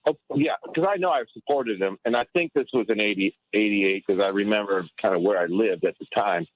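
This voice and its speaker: A man in his fifties on a radio talk show, telling a memory with halting, restarting speech. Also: fairly low pitch. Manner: halting, restarts often, grows excited. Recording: dull dry radio line.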